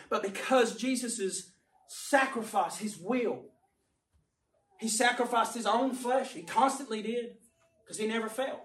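A man preaching a sermon with passion, swinging from quiet, low remarks up to emphatic shouts. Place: church hall. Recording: roomy sound from a distant mic.

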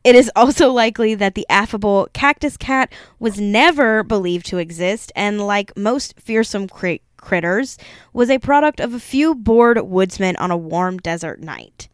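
Giggly young woman with a smooth voice. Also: mid-range voice, moderate pace, no room sound, studio quality. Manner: giggly, swears, teasing. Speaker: podcast co-host. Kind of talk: casual podcast chat and reading aloud.

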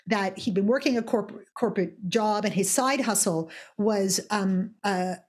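Emphatic woman with a husky voice. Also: medium pitch, measured pace. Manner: passionate, emphatic, repeats words. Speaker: author and guest. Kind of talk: podcast interview.

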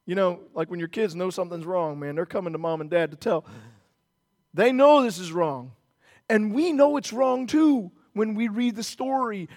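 A pastor preaching a sermon, emphatic, slowing down for stress and acting out the story's characters in quick asides. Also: male voice, very high voice, darkish tone. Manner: emphatic preaching, dramatizes scripture with voiced asides.

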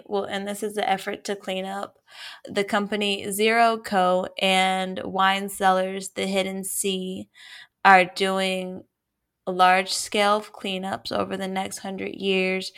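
A woman co-hosting a podcast in casual chat, measured and reflective, drawing out her phrases. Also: medium pitch, vocal fry, fairly bright tone. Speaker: podcast co-host.

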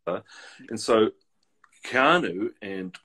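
A man telling casual, profane stories as a guest in a relaxed chat. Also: lowish voice, takes it slowly, husky, rough recording. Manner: profane, laid-back anecdotal.

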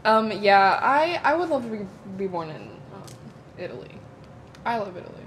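Animated young woman, dramatic storyteller. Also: medium pitch, normal speed. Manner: animated, dramatic storytelling, bursts of laughter, swears casually. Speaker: podcast co-host. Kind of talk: casual chat.

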